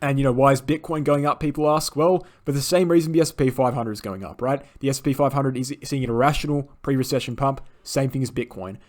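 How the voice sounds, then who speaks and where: Male market analyst, rapid emphatic delivery, mid pitch, lots of fillers. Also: a little mellow. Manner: emphatic, insistent, frequent "right?" and fillers. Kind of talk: chart analysis commentary.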